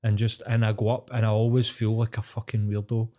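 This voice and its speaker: A Scottish man with a Glaswegian accent co-hosts a podcast, casually chatting and telling sweary stories while acting out the people in them. His voice is lowish, level and mellow, and he talks a little fast.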